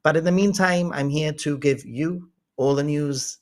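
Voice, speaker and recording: A man's voice: a little high, measured pace. A man from Gibraltar, a guest vlogger explaining things in casual livestream chat with many fillers.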